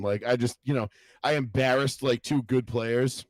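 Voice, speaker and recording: A young man co-hosting a podcast, rambling through stories in casual chat, swearing a lot and acting out what people said in lively voices. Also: mid-range voice, moderate pace, dry recording. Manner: rambling storytelling, heavy swearing, animated quoted voices. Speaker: podcast co-host.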